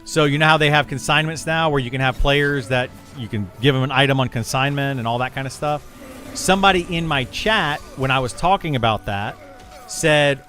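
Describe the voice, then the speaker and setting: A man's voice: medium pitch, normal speed, pushed and bright. A man streaming live, chatting casually and rambling, often repeating words and restarting sentences as he explains himself to his chat. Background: faint music.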